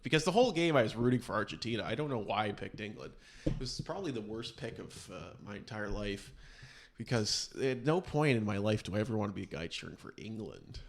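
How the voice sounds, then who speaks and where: A man's voice: on the low side, gravelly, a bit bright. A man hosting a podcast, rambling through casual chat with sarcastic, mock-serious asides. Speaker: podcast host.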